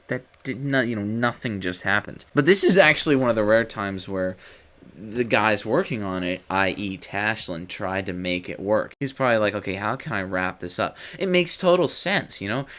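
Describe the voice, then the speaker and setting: A man's voice: on the low side, fairly bright tone. A man co-hosting a cartoon review, talking with enthusiasm and stammering as he restarts. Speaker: co-host. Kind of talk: casual review chat.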